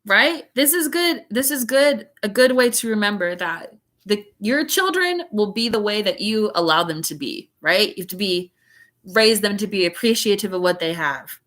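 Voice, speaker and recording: A woman's voice: mid-range voice, animated, a bit bright. A woman teacher reading a story aloud to her class over a video call, stopping often to chat and explain. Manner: chatty, pausing to comment and explain.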